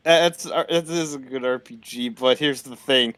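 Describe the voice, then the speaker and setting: A man's voice: medium pitch, moderate pace, fairly bright tone, no echo. A man commentating a live game tournament in a casual, giggly, rambling way, often stumbling over his words. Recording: live stream with game sounds behind.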